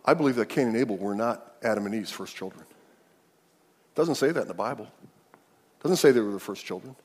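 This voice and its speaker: A man's voice: on the low side, lively intonation, normal speed, breathy edge, in a large hall. An older man preaching a sermon as pastor, emphatic, often repeating words and restarting phrases.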